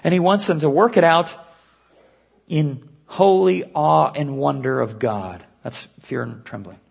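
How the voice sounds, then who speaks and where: A man preaching an earnest sermon, dropping to a hush and slowing down to stress key points. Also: a little high, creaky, husky. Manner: earnest preaching with hushed, slowed emphasis. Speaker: pastor.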